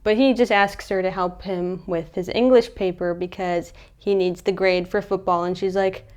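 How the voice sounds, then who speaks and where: A woman's voice: on the low side, normal speed. Chatty young woman recapping a movie. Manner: chatty, animated, acts out characters' lines. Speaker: movie reviewer.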